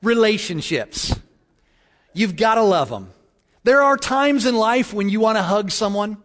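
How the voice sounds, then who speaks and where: A man preaching a sermon as pastor, praying and telling jokes in a lively storytelling manner. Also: high voice, in a large hall.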